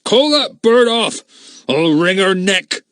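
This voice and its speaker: A man's voice: lowish voice, big pitch swings, fairly bright tone, husky, dry recording, studio quality, heavily acted. A man doing a cruel, growling brute. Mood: furious. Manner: growling, slow menacing drawl. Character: threatening burly grown man, cruel and spiteful.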